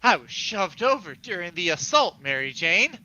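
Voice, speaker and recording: A man's voice: high-pitched, big pitch swings, moderate pace, sharp tone, lo-fi sound. A man reading a comic aloud, voicing a flustered young photographer in a jokey way. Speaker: comic reader. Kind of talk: comic read-along, voicing a character.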